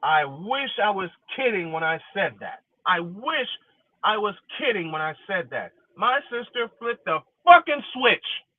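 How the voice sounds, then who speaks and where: With a high voice full of big pitch swings, a middle-aged livestream host vents at a measured pace in an angry, profane monologue, hitting certain lines twice for emphasis. The recording is tinny, like a phone, and has no echo.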